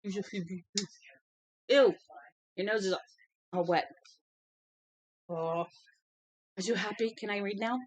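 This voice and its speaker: A woman makes rambling small talk at home and speaks to her dog in a high sing-song before reading a novel aloud. She talks slowly and pauses often, in a dry recording.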